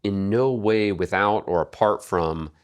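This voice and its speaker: A man co-hosting a podcast, speaking in a measured, halting way about poetry and pausing often to find his words. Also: on the low side. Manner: measured, halting, with many pauses and fillers. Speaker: podcast co-host. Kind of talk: casual literary discussion.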